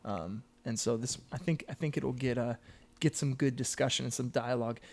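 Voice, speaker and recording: A man's voice: medium pitch, fairly quick, a little mellow. A young man co-hosting a sports podcast, eager and joking, often stumbling and restarting his sentences. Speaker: podcast co-host. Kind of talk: casual sports chat.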